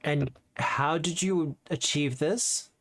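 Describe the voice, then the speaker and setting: A man's voice: a little high, takes it slowly, fairly bright tone. A man voicing a wary, blunt elven woman who leads a band of rangers, asking direct questions in a tabletop game. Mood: suspicious. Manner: blunt, matter-of-fact questioning. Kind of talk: tabletop role-play character voice.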